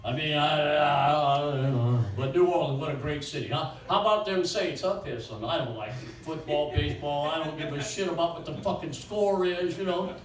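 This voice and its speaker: Older male comic, crude rambling one-liners, slightly high voice, caught on a distant mic in a roomy space. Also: normal speed, hardly any pauses. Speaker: stand-up comedian. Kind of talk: stand-up comedy at an open mic. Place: small bakery venue with few people. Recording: roomy echo from a distant mic, faint ambience.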